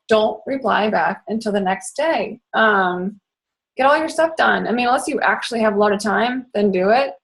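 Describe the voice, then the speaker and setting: Young woman from boston way, fast bubbly chatter, coaching her team casually. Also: mid-range voice, a bit bright. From Boston area. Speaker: network marketing fitness coach.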